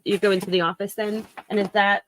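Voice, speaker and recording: A woman's voice: medium pitch, flat delivery, fast, a bit bright, rough recording. A woman chatting casually with livestream viewers as she works, laughing often and greeting them by name. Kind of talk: casual livestream chat while working.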